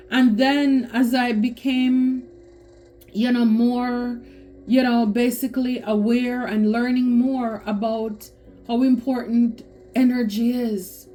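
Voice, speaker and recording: A woman's voice: fairly high pitch, fairly even intonation, slow pace, dark tone, soft background music. A woman giving a spiritual tarot reading, talking emphatically and repeating phrases for stress. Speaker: tarot reader.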